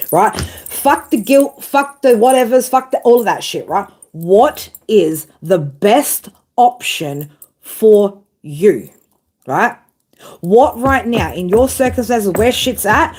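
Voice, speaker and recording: A woman's voice: fairly high pitch, darkish tone, slightly rough. A woman in her thirties giving a blunt tarot reading, swearing freely, handing out tough love and asking "right?" over and over. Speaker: tarot reader.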